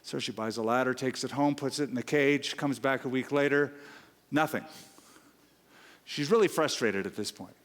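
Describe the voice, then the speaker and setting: Pastor telling a joke in a reverberant hall. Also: male voice, medium pitch, moderate pace. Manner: storytelling, voices the characters in a joke. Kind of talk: sermon with a humorous story.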